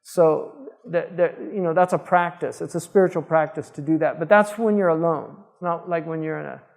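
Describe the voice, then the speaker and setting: A man's voice: fairly high pitch, normal speed, gravelly. Man teaching in a reverberant hall. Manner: conversational, digressive, with frequent fillers. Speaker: Islamic scholar teaching. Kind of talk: informal lecture with questions.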